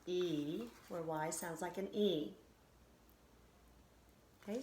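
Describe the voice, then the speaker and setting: In a recorded phonics lesson for children, a woman teacher patiently sounds out syllables and reassures her young listeners. Her voice sits lowish, with a roomy sound and slight background noise.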